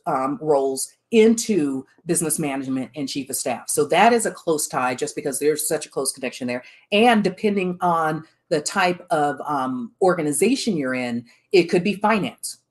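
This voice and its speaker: Middle-aged woman, low register, workshop presenter; frank, emphatic, lots of fillers. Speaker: workshop speaker on the chief of staff role. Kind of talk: live workshop talk.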